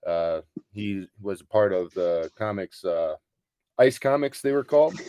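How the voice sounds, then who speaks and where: A man's voice: sits low, expressive, a little slow, warm tone, smooth, no room sound. A man in a band explaining the story behind their songs in a casual interview, with many ums and uhs. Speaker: band member.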